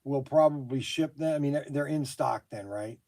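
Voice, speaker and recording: A middle-aged man, a hobby shop owner, taking phone calls and exclaiming in loud disbelief, often repeating himself. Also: mid-range voice, moderate pace, gravelly. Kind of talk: phone calls during a work livestream. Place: his toy shop.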